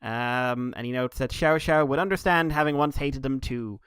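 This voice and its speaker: A man's voice: mid-range voice, normal speed, fairly bright tone, clear, resonant tone, no echo, clean studio sound. A man co-hosting a casual podcast, recapping comics in a rambling, laughing way. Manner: rambling, laughing, with jokey quoted voices. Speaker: podcast co-host.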